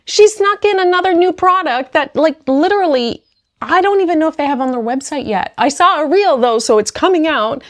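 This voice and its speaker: A woman with a fairly high voice chats to camera as a puzzle vlogger. She sounds emotional and grateful and keeps repeating her thanks. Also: expressive, fairly quick. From New Zealand. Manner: talks to her dog in a high baby voice. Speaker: jigsaw puzzle YouTuber. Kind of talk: casual vlog chat to camera.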